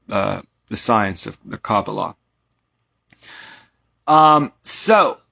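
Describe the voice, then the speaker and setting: A man's voice: medium pitch, fairly bright tone. An American man teaching esoteric lore in a casual spoken lecture, rambling with many asides and asking "right?" to his listeners.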